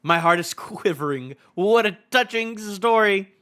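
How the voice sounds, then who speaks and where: A sneering villain gloats over the doom of others , read out by a man. The voice sits high and swings widely, and it has a bright, sharp edge. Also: lively intonation, measured pace, clean tone, exaggerated voice. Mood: gloating.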